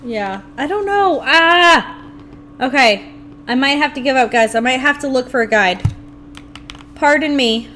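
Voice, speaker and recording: A young woman streaming a video game live, talking to herself and her chat in an animated, playfully grumbling way. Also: high-pitched, a little hiss or hum. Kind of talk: live gameplay commentary.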